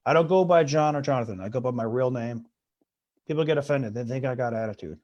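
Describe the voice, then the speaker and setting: A man's voice: medium pitch, fast, darkish tone, dull audio. A man doing a stand-up comedy set over a video call from his bedroom, rattling off one-liners and pleading with the crowd after each joke.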